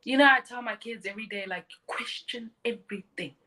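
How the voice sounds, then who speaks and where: A woman's voice: a little high, fast talker, pushed and bright, low-quality recording. A woman in her thirties hosting a live stream, blunt and mocking as she talks and mimics others. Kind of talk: opinionated live stream monologue.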